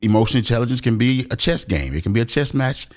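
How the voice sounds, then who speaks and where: A man's voice: mid-range voice, lively intonation, fast talker. A middle-aged man co-hosting a podcast, talking emphatically and expressively in casual chat. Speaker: podcast co-host.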